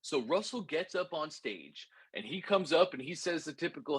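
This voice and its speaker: A man teaching a course, telling a lesson story in an animated, repetitive way and calling his listeners "guys". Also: on the high side, moderate pace, few pauses, husky, no room sound. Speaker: course instructor.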